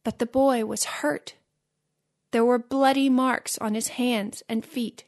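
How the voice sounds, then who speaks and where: Give me a woman reading a simple storybook slowly and clearly. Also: a little high, steady tone, a little mellow. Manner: slow, clear, careful reading. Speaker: narrator.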